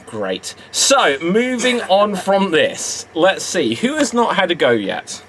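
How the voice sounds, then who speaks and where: A man's voice: high voice, wildly swooping pitch, slow, very noisy. Upbeat British man hosting improv. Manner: upbeat, chatty, laughs often. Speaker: improv show host. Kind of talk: live-streamed improv comedy.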